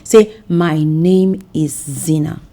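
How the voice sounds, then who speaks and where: A Nigerian actress playing a controlling woman who claims to be a mother, speaking slowly and insistently, often hushed. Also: on the low side, slightly rough, full character voice. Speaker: actress in a film. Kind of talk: film drama acting.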